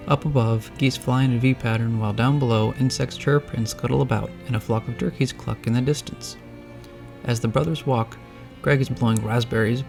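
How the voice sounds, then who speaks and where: A man narrating a storybook in a measured, descriptive way. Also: mid-range voice, gravelly. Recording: soft background music.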